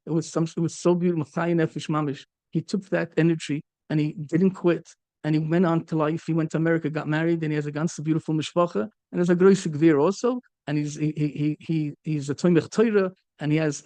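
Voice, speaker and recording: A man, a rabbi, giving a Torah talk and telling a story, halting and repeating words as he goes. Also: a little high, fairly even intonation, warm tone, no room sound. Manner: halting, repeats words, mixes in Yiddish and Hebrew.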